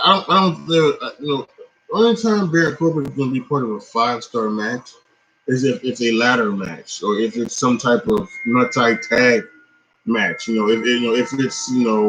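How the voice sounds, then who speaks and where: Tired man, mid-pitch voice, rambling casual wrestling reaction full of fillers and restarts. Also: a bit bright, slight background noise, rough recording. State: tired, yawning. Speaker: wrestling commentator.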